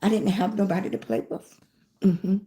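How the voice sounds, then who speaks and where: A woman telling a childhood story on a live stream, animated, repeating phrases and filling pauses with mm-hmm. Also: medium pitch. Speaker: lifestyle blogger on a livestream.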